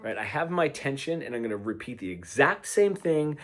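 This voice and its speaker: A man's voice: medium pitch, sing-song, fairly quick. A man teaching guitar in a casual lesson, talking in a chatty way and checking in with frequent "right?" asks between his playing examples. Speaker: guitar coach. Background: guitar playing between phrases.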